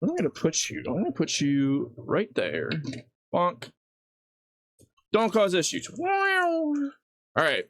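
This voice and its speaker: A man's voice: high-pitched, huge pitch swings, slow pace, long pauses, fairly bright tone, no room sound. A man livestreaming while he cooks at home, rambling casually and laughing at his own jokes. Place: home kitchen.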